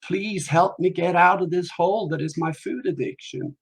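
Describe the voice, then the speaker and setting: A man's voice: sits high, moderate pace, creaky, husky, pitched above the performer's own voice, heavily acted. A man voicing a desperate male food addict stuck in a hole, begging for help. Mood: pleading. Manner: pleading, repetitive cries for help.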